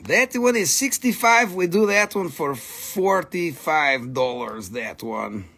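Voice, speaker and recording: A man's voice: on the high side, lively intonation, slow pace, sharp tone, slightly rough. A man running a live sales stream for rocks and minerals, with hammy, playful patter in mock broken English.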